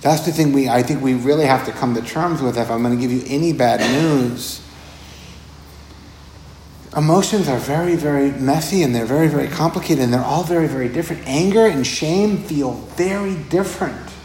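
A man gives a relaxed dharma talk as a meditation teacher. He speaks at an average pitch in a loose, conversational way, doubling back on words and breaking into chuckles. The voice rings in a roomy space with faint noise underneath. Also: normal speed.

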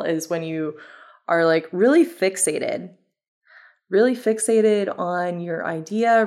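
A woman with a somewhat low voice and a noticeable vocal fry talks through her own podcast. She speaks casually and reflectively, as a health coach would, often leaning on fillers like "um" and "like" as she works through her ideas. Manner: relaxed and reflective, with frequent fillers like "um" and "like". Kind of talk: casual solo podcast monologue.

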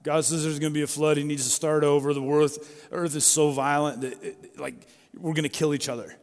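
Man playing patient old man, plain explaining, slightly high voice, long reverb. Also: steady tone, fairly quick, natural voice. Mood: matter-of-fact. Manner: plain, matter-of-fact explaining. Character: Noah, a patient old man defending his boat.

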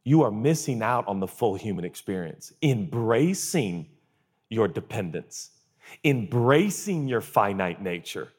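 A man's voice: sing-song, a little slow, darkish tone, breathy edge, long reverb tail. A man in his forties, a pastor giving a sermon, who mixes comic storytelling and acted-out quotes with earnest questions. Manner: comic storytelling, acts out groans and quotes in a high voice.

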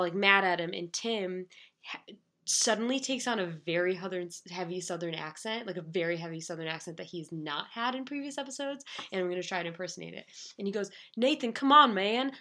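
A woman co-hosting a podcast, chatting casually and narrating TV scenes in an animated way, laughing often. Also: lowish voice. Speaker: podcast co-host. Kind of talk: casual TV recap chat.

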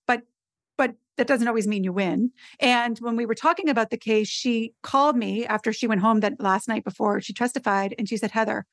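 A woman's voice: fairly high pitch, no room sound, clean studio sound. A middle-aged woman, a podcast guest and advocacy expert, telling stories emphatically in casual conversation. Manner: animated storyteller, emphatic.

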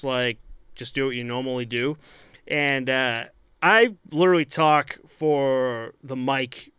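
A young man co-hosting a podcast in casual chat, animated, laughing and swearing often. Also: medium pitch, clean tone, no echo. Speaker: podcast co-host.

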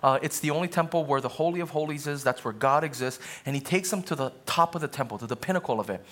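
A male pastor delivering a sermon with a fairly high voice. He speaks earnestly but conversationally, turning to the congregation with questions and asides. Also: fast talker, a bit bright.

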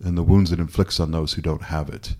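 A man from Canada being interviewed, talking candidly and haltingly, restarting his sentences as he questions himself. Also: rumbling low, steady tone, dark tone. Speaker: photographer guest. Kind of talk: casual interview conversation.

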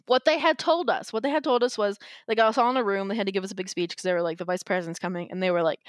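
A woman's voice: mid-range voice, very fast, few pauses, no echo. Young woman, podcast guest, candid wry storytelling, dry close sound. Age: young adult. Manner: chatty, wry, full of likes and ums.

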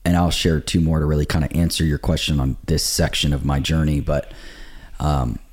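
A young man with a deep, low voice tells a personal story in a relaxed podcast chat. He acts out what others said as he goes, telling it in an animated, storytelling way. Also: fairly quick. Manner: animated storyteller acting out quotes. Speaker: pastor telling his story. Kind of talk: casual podcast conversation.

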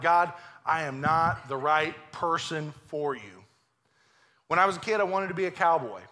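A man preaching a lively, joking sermon in a church, acting out voices as he goes. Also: fairly high pitch. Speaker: pastor. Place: church sanctuary.

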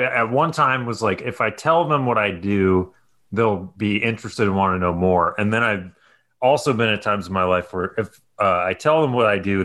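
A low male voice belonging to a podcast host. He talks in loose, wandering sentences and restarts his thoughts as he goes, keeping the chat on track. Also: fairly bright tone. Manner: rambling, thinking aloud with restarts. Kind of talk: casual chat.

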